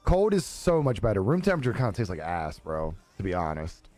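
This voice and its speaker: A young male live streamer reads viewer comments in a casual chat, his low, slightly mellow voice swooping wildly in pitch at a brisk pace. He's laid-back and jokey, swears a lot, and laughs often. The dry close-mic recording has no room sound, just faint music in the background.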